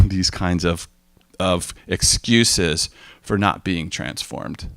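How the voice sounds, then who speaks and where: A man's voice: deep voice, slow pace, a bit bright, dry recording. A man giving an informal teaching talk, telling stories and acting out the voices of people he quotes. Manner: conversational, storytelling, acts out quoted voices.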